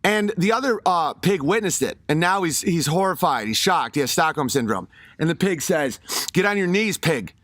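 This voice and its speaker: Man, fairly high voice, rambling casual monologue, dry close recording. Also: lively intonation, moderate pace, a bit bright, dry recording. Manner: rambling, with many fillers and restarts.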